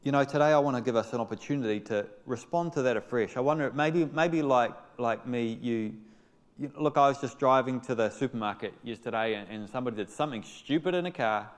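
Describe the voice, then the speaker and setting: Man preaching, pastor, animated, average pitch, loud highs and hushed lows. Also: brisk. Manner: animated, rising to loud exclamations and dropping to soft appeals. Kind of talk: sermon.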